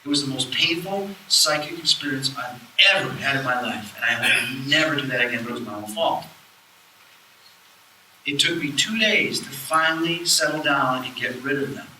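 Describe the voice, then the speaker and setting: Bright-voiced man lecturing in an echoey hall. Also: medium pitch, normal speed. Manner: animated storyteller who acts out quoted voices. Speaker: lecturer on spirits and the afterlife. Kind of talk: live lecture to an audience. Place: lecture hall at a public event. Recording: roomy distant live-event recording with faint noise.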